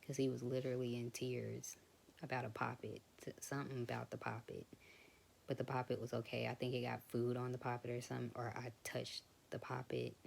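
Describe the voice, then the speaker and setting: A young woman talking frankly and casually to camera about parenting, often dropping into a soft whisper. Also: rumbling low, level tone, brisk, creaky, a little hiss or hum. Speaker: vlogger. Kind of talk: casual personal talk to camera.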